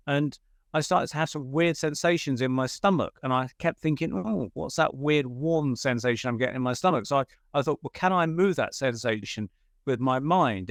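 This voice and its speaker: A man guesting on an interview show, telling a story in an animated, chatty way with frequent fillers and self-corrections. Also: a little high, no room sound, clean studio sound. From United Kingdom.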